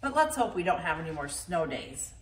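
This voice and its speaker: Expressive woman reading a children's story. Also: lowish voice, brisk, a little hiss or hum. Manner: gentle, expressive. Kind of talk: reading a picture book to children. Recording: roomy, from far off.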